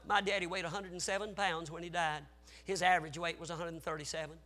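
A man preaching a sermon, telling stories with strong feeling, swinging from shouted exhortation to hushed tones, with folksy asides to the congregation. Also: on the high side, flat delivery, fast talker, faint music behind.

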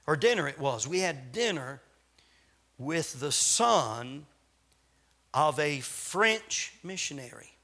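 A visiting male preacher delivers his sermon in a high, bright, ringing voice. He swings between loud, insistent appeals and soft, hushed asides. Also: lively intonation, slow, pauses often. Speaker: traveling preacher.

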